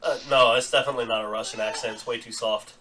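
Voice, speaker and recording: A man running a tabletop game as dungeon master, chatty and quick to laugh, talking casually at home. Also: medium pitch, steady tone, bright, forceful tone. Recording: distant mic with clear background noise.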